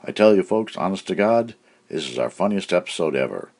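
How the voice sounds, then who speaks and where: Low-pitched and darkish, with vocal fry, this male comedy host talks briskly and very animatedly. He runs a cartoon comedy show, firing off jokes in a brash, punchy manner and doing put-on voices.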